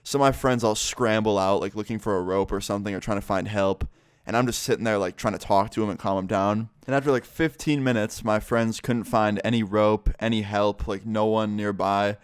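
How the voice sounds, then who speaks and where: A man's voice: on the low side, fairly even intonation, a little fast, clear, resonant tone, dry recording, studio quality. A young man telling a rambling, swear-filled story for his vlog. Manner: rambling, profanity-laced storytelling full of fillers. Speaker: YouTuber. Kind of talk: casual story time vlog.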